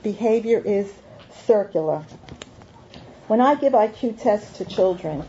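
A woman's voice: mid-range voice, warm tone. A woman who gives IQ tests in schools, giving a talk to parents, emphatic and repeating her key points with rhetorical questions. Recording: dull lo-fi recording with faint noise.

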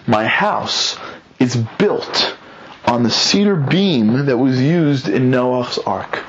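A man's voice: medium pitch, lively intonation, slow pace, lo-fi sound, a little hiss or hum. A man voicing a scheming, boastful male villain who talks in a smug, gloating way. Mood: gleeful.

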